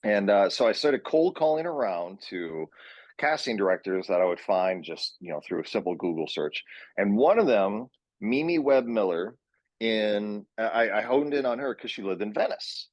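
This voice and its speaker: A man's voice: on the low side, expressive, moderate pace, no echo, muffled recording. A man in his forties from Minnesota, a guest telling rambling stories about his acting and casting work in casual chat. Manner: rambling anecdotal storytelling. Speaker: guest, actor and session director.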